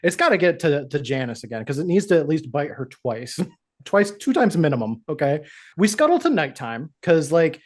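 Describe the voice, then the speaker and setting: Chatting casually at a normal speed, a man co-hosting a podcast recaps an episode. He keeps slipping animatedly into the characters' lines, in a voice that sits a little higher than most men's.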